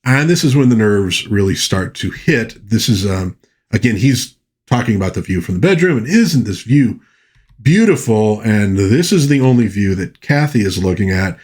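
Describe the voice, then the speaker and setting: A man's voice: on the low side, expressive, moderate pace, a little mellow, slightly rough. A man casually narrating a film review, retelling scenes and briefly mimicking characters' lines, talking loosely with fillers and restarts.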